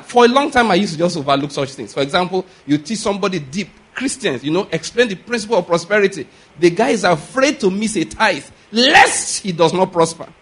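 A man's voice: high-pitched, husky. A man preaching a sermon, emphatic and addressing the congregation directly with questions. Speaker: pastor.

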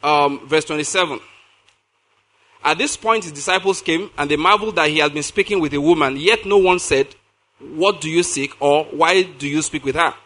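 A man delivers a sermon in a high, bright voice that carries an edge of tension. He reads scripture slowly and deliberately. He turns often to his listeners with questions. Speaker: preacher.

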